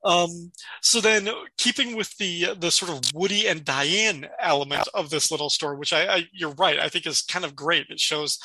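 A man's voice: a little high, normal speed, few pauses, pushed and bright, husky, no echo, poor audio. A man co-hosting a casual podcast, recapping scenes with many restarts and frequent laughs. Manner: stammers and restarts, laughs often. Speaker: podcast co-host. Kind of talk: casual chat about TV.

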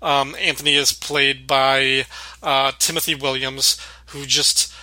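A man's voice: medium pitch, little pitch movement, slow, bright, forceful tone, no room sound, rough recording. A man who is a podcast guest, chatting casually and retelling sitcom scenes with enthusiasm. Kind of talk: casual chat about a sitcom episode.

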